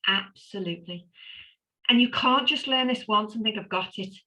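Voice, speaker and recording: This middle-aged woman leads a wellbeing workshop live online, speaking at a moderate clip in a bright, forceful mid-range voice. The audio is poor, and her talk leans on upbeat, emphatic lists and phrases she repeats.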